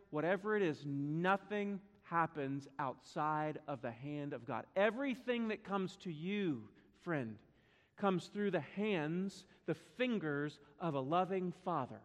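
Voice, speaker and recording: A high-pitched male pastor preaches a sermon, hammering words through repetition and calling out questions to the congregation. His voice rings with the long reverb of a large church sanctuary. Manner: emphatic, repeats words for stress, asks the congregation questions.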